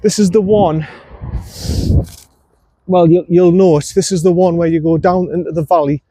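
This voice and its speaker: A man's voice: sits high, fairly even intonation, moderate pace, mellow, dry recording. A man, chatting casually to the camera as he plays a round of golf outdoors and coaches himself between shots. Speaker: golf vlogger. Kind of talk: casual on-course commentary.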